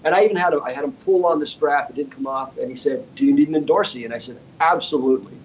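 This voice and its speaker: A man's voice: fairly high pitch, racing, lo-fi sound, slight background noise. A man, a guitarist and inventor, telling a story as a guest in a casual interview, acting out the other people's lines as he goes. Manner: animated storyteller acting out quoted voices. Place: home studio.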